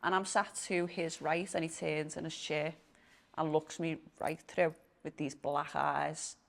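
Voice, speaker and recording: A woman's voice: low voice, little pitch movement, unhurried, creaky. A woman, a podcast guest who tells her stories casually and with animation, acting out the people in them. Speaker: podcast guest, spiritual practitioner. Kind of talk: casual storytelling in an interview.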